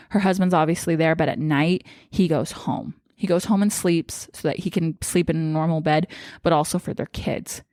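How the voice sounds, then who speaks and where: A young woman talks straight to her viewers in a casual, emotional storytelling style, acting out the lines of the people in her story. Her voice sits a little low for a woman. The sound is close and dry, with no room echo. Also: darkish tone. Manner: emotional, chatty, acts out quoted dialogue. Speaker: vlogger.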